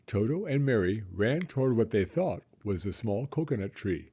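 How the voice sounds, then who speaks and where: A man reading a children's storybook aloud in an expressive, dramatic way. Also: on the low side, moderate pace, hardly any pauses, breathy edge, highs cut off.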